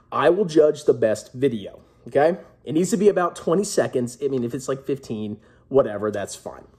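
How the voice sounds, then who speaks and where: A man's voice: on the high side, darkish tone, husky. A man talking casually and rambling to his viewers as a finance YouTuber, emphatic and chatty, often tacking on "okay?".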